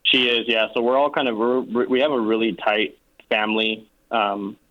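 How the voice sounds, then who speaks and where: A man's voice: on the low side, steady tone, moderate pace. A man calling in to a radio show, earnest and hesitant, with many fillers. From Los Angeles, California. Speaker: caller. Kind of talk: phone-in call. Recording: dull lo-fi phone line.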